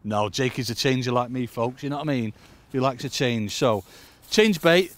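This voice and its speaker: A chatty fishing coach from the UK gives a relaxed lesson outdoors by a lake in cold weather, addressing everyone as "folks." He speaks at a normal speed in a mid-range voice.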